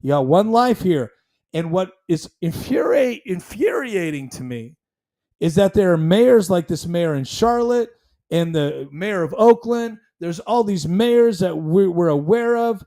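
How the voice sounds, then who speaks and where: Guy ranting on his own show, slightly high voice but dark and mellow, blunt, lots of restarts. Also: expressive, unhurried. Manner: heated, blunt, rambling with restarts. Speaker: show host. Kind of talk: casual commentary stream.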